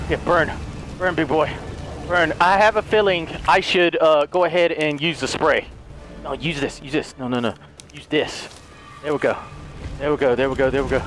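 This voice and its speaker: A man giving let's play commentary on a horror game, excitable, yelping and taunting the enemy. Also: on the high side, normal speed, music in the background. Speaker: gamer playing a horror game.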